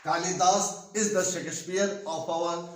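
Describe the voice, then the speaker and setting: An older man from India, a retired English teacher, explaining grammar slowly at a whiteboard with an Indian English accent and many hesitant pauses. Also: high voice, fairly even intonation, slight background noise. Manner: slow, repetitive explaining with frequent hesitations. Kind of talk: classroom grammar lesson. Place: classroom with whiteboard. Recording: echoey room, far from the mic.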